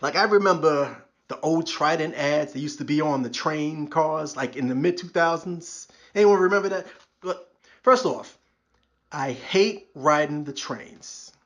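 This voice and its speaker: A man's voice: fairly high pitch, measured pace, a bit bright. A man, hosting his podcast as a sarcastic comedic rant and acting out the people he mocks. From New York. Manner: wry, sarcastic, acts out quoted voices. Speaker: podcast host. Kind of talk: stand-up style comedic rant.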